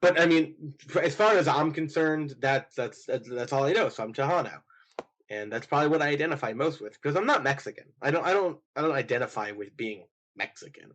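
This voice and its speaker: A man's voice: fairly high pitch, expressive, brisk, a bit bright. A young man from Texas co-hosting a podcast, chatting casually in a joking, rambling way with bursts of mock outrage. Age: young adult. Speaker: podcast co-host. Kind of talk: casual chat.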